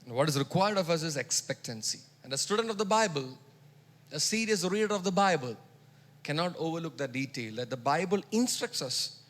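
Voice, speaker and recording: A male pastor preaching a sermon emphatically, repeating phrases, urging the congregation to echo words, and moving between loud exhortation and quiet teaching. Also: a little high, animated, a little fast. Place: church hall. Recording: long hall reverb.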